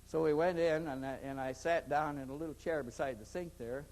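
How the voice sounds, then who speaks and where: Guy telling a long story in an interview, slightly high voice, keeps restarting his sentences. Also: fairly even intonation, brisk, darkish tone, poor audio. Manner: rambling, repeats words when starting sentences. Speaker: interviewee recounting experiences. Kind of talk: anecdotal storytelling.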